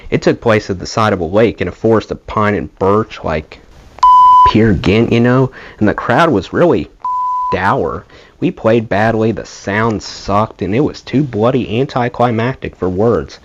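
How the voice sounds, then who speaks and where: A man's voice: fairly low pitch, slight background noise. A man reading a rock memoir aloud as an audiobook, in a casual storytelling way. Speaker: audiobook reader. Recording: dull lo-fi home recording.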